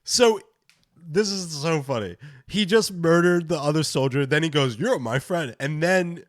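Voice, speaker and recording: A man's voice: on the high side, unhurried, dry recording, clean studio sound. A man hosting a casual gaming podcast, talking enthusiastically and rambling as he reacts to clips. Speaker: podcast host.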